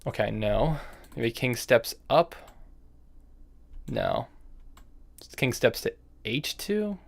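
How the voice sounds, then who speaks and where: A man's voice: mid-range voice, big pitch swings, extremely slow, gravelly. A man streaming his own chess game, thinking aloud move by move in half-finished phrases, with bursts of nervous fretting and self-scolding. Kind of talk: live-streamed commentary while playing online chess.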